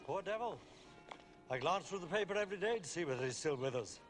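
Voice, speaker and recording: An actor playing a dry, worldly older barrister in a film, speaking in a wry, clipped drawl. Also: male voice, on the high side, expressive, fast, faint music behind, lightly acted. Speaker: senior lawyer.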